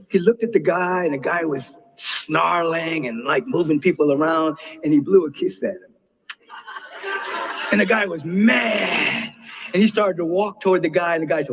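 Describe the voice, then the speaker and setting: A man giving an impassioned inspirational sermon as a spiritual teacher, dropping to a hush and then soaring. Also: a little high, normal speed, creaky, husky, in a large hall. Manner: impassioned, swinging between hushed and soaring. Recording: dull lo-fi recording.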